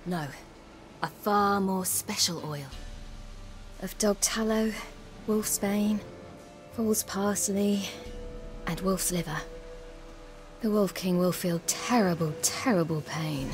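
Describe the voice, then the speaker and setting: An actress voicing a composed young female monster hunter in a video game, speaking in a calm, measured, matter-of-fact way. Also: mid-range voice, natural voice. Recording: game music playing behind.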